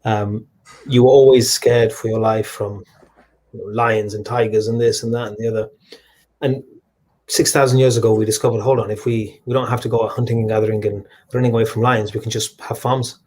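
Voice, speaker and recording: A man telling stories as a guest in a conversation, animated and full of restarts. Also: on the low side, fairly quick. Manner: animated storyteller with frequent restarts. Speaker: guest, humanitarian charity leader. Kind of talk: storytelling in a conversation.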